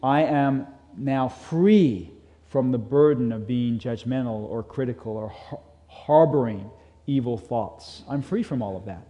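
A man's voice: mid-range voice, measured pace. Earnest male preacher in a reverberant hall. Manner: earnest, builds up then drops to soft emphasis. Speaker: pastor. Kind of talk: sermon.

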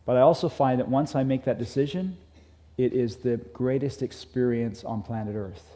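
A man's voice: mid-range voice, normal speed. Earnest male preacher in a reverberant hall. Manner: earnest, builds up then drops to soft emphasis. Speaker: pastor. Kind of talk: sermon.

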